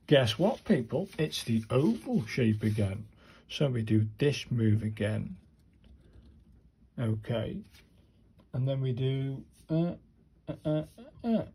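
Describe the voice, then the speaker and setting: A man with a mid-range, warm, slightly rough voice talks viewers through handwriting practice, chatting casually and muttering to himself as he writes. He speaks slowly with lively intonation and frequent pauses.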